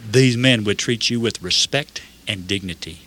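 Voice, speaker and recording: A man voicing a stern but caring prison captain with a Georgian accent, speaking firmly and slowly. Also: fairly low pitch, bright, forceful tone, slight background noise.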